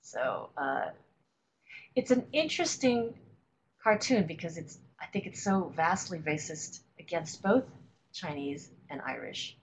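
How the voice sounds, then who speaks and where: A woman presenting a webinar lecture, explaining images at an unhurried pace with frequent ums and uhs. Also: low-pitched, big pitch swings, slight background noise, low-quality recording. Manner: hesitant, many ums and uhs. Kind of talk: lecture on political cartoons.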